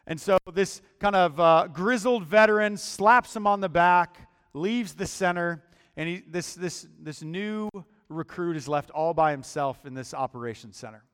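A man preaching a sermon in a deliberate, emphatic style, often repeating words as he builds his point. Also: high voice, a bit bright, clear, resonant tone. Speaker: pastor. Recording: long hall reverb.

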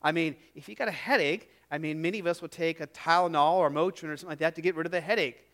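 Middle-aged male pastor mid-sermon; high, resonant voice, earnest and emphatic, with quiet drops for emphasis. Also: quick pace. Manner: earnest, emphatic, drops to a hush on key phrases, repeats words.

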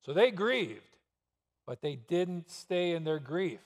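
A man's voice: on the high side, big pitch swings, slow pace. A man pastor preaching a sermon in a church, asking rhetorical questions and pressing points with sudden emphasis. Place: church sanctuary. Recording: long reverb of a church hall.

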